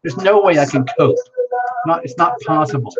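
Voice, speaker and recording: A man's voice: a little high, moderate pace. A man hosting a tarot live stream, chatting playfully with viewers, reading out their names and laughing often. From United States. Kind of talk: casual live-stream chat greeting viewers. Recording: dull lo-fi sound with music behind. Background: music playing.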